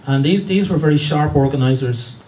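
A man's voice: fairly high pitch, brisk, mellow. A man giving a history lecture, hesitant, with many fillers and restarts. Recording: distant mic with faint room noise.

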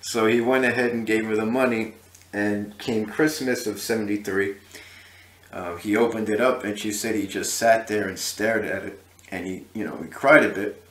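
A man's voice: fairly low pitch, steady tone, normal speed, roomy sound. A man hosting a history channel, telling a story casually to the camera with many fillers and restarts.

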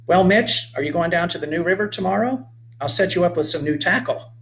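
A man's voice: high voice, animated, fairly quick, fairly bright tone, a little hiss or hum, voice pushed up. A man voicing a jolly, teasing old grandfather in a children's story.

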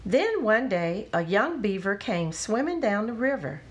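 A woman reading a children's storybook aloud with expressive, careful narration. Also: mid-range voice. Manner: expressive and slow.

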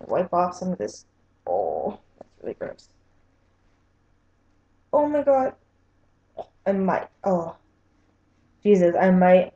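A woman's voice: lowish voice, dark tone, dull audio. Young woman vlogger, squeamish and self-mocking, chatty to camera, echoey room. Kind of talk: casual cooking vlog.

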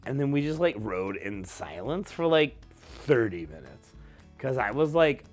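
A man's voice: medium pitch, big pitch swings, unhurried, faint music behind. A drunk man in his thirties telling a rambling story, losing his thread and correcting himself as he goes.

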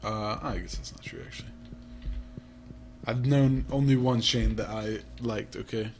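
Low-key man musing over gameplay. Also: fairly even intonation, a little slow, a little mellow, slight background noise. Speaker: gaming YouTuber. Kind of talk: casual let's-play commentary.

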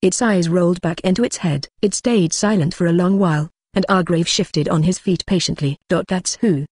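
Breathy, dry synthetic audiobook narrator. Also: mid-range voice, moderate pace, darkish tone, dry recording. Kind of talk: scripted narration.

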